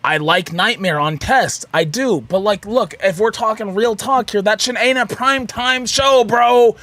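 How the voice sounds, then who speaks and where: A drunk man co-hosting a livestream, ranting loudly and swearing. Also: high voice, measured pace, no echo. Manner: loud, profane ranting. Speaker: co-host of a livestream show. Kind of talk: casual livestream chat.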